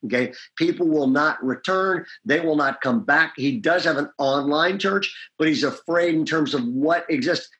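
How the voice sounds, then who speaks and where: A man's voice: fairly high pitch, normal speed, hardly any pauses, fairly bright tone. A man speaking as a pastor in a leadership interview, emphatic and often checking in with "okay?". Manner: emphatic, punctuates points with "okay?".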